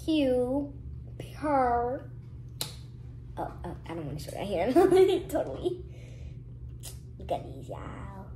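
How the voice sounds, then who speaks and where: A young woman chatting casually to camera in a vlog, lively and sometimes dropping to hushed whispers. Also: fairly high pitch, slow pace, pauses often, slight background noise, poor audio. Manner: lively, switches to hushed whispers when nervous. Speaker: vlogger.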